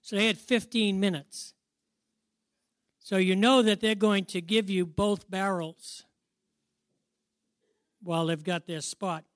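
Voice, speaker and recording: A man's voice: sits high, fairly even intonation, slow pace, pauses often, no echo, studio quality. A middle-aged man preaching a sermon in a conversational way, asking the audience questions and chuckling at his own stories.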